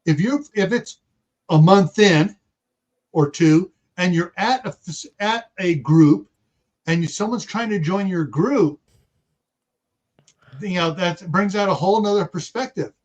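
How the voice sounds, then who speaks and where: A man's voice: high voice, a little slow, pauses often, darkish tone, highs cut off. A man speaking as a podcast guest in a casual discussion, rambling and restarting often as he reasons aloud.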